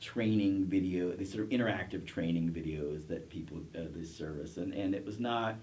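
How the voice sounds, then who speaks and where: A man's voice: low voice, normal speed, a little mellow, far from the mic. A middle-aged man, a professor, telling his career story in a casual interview, rambling with restarts and self-deprecating chuckles. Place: college TV studio.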